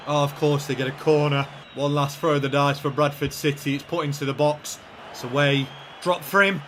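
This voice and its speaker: A man giving lively play-by-play commentary on his own video game, swinging from quiet muttering to shouting at the big moments. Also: fairly high pitch, brisk, slight background noise. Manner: excitable, shouts at goals, banter. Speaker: gaming YouTuber.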